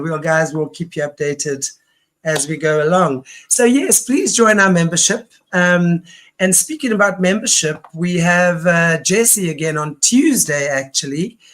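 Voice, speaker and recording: Rambling woman hosting. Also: sits low. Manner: rambling and enthusiastic, many restarts. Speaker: host. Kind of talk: casual online show chat.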